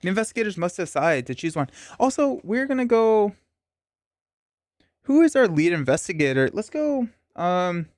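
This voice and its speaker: A man playing a board game solo and reading its story text aloud, often stumbling and correcting himself between casual asides. His voice sits a little high, and the recording is close and dry with no room sound. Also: very animated, normal speed, no echo. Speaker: board game channel host.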